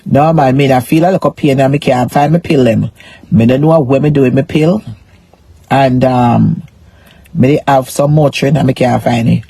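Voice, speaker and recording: Woman, Jamaican accent, husky voice, dry close sound, rambling and emphatic, casual live-stream rant. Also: a bass voice, moderate pace, dark tone, no echo. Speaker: social media personality.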